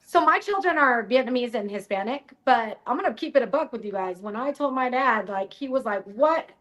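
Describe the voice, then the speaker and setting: Blunt, animated woman on a panel. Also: fairly high pitch, fairly quick. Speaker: panel guest. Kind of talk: casual panel discussion.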